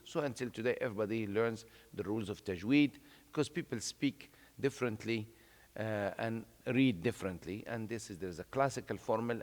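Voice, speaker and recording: Man lecturing in an echoing hall. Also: on the low side. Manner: conversational, explanatory, with frequent "uh" and "you know". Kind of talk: religious lecture. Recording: long reverb of a hall.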